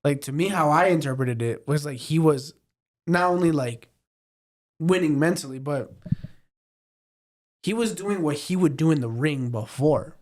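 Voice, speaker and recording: Young man excitedly retelling movie scenes. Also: a little high, a little slow, pauses often. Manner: animated storyteller, acts out scenes. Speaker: podcast co-host. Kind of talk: casual chat.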